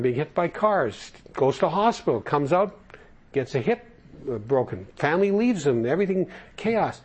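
Older man, slightly raised pitch, husky grain; study group leader who reads a passage then unpacks it casually. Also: a little mellow. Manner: reads aloud then explains in plain terms, with asides. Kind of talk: reading and commenting on a text.

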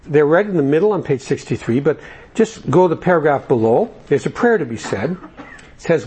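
A husky-voiced man talking to a recovery group, loose and conversational. He tells jokes and stories and keeps circling back with fillers. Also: on the high side, animated, fairly quick, a little mellow. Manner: conversational storyteller, jokey, with fillers. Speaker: recovery program speaker.

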